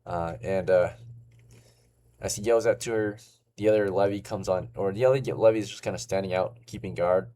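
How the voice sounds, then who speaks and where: Male game master, low voice, casual filler-heavy narration, faint room hiss. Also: fairly even intonation, fairly quick, dark tone.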